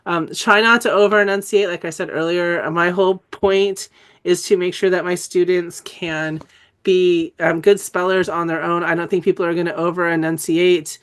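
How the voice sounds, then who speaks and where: A woman's voice: fairly low pitch, fairly even intonation, moderate pace, clear, resonant tone. A middle-aged woman, a dyslexia educator, giving a live teaching webinar in a chatty way, correcting herself often and laughing at her own slips.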